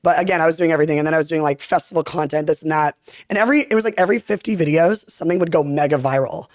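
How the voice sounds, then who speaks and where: A young adult woman on a podcast spills out an animated story at a brisk clip, packed with filler words. Her voice sits close and dry, with no room sound around it. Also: sits low, dry recording. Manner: animated, rapid talker full of fillers. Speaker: podcast guest, content creator. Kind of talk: casual storytelling chat.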